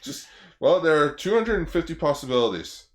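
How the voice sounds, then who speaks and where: A man's voice: on the high side, very animated, a little fast. A young man co-hosting a podcast in casual chat, laid-back and making dry jokes. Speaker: podcast co-host. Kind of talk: casual chat recapping an episode.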